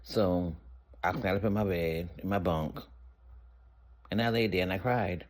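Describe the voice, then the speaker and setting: Man, deep voice, casual storytime vlogger, candid and conversational. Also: a little slow. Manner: candid, conversational, rambling with restarts.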